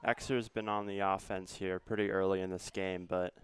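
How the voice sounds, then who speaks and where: A young man giving color commentary on a student soccer broadcast, speaking in an unhurried way with frequent fillers. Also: low voice, level tone, clear, resonant tone. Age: young adult.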